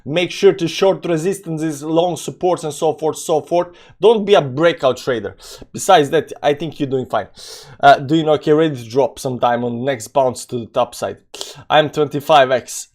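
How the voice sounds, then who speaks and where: A man's voice: a little high, normal speed, darkish tone. A man live-streaming, casually greeting his chat and talking through a price chart, with loose, rambling non-native English phrasing and lots of fillers. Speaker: crypto trading live-streamer.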